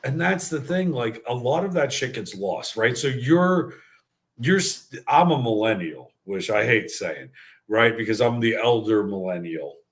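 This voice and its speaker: A man's voice: medium pitch, unhurried. A man, hosting a casual chat and telling stories with lots of swearing. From New York. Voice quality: profane, animated storyteller. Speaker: podcast host.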